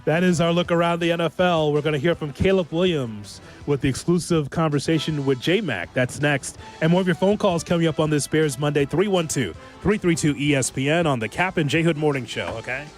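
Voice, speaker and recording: A man's voice: fairly high pitch, brisk, hardly any pauses, soft background music. A man hosting a morning sports radio show, joking through banter. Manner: joking, playful. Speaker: radio host.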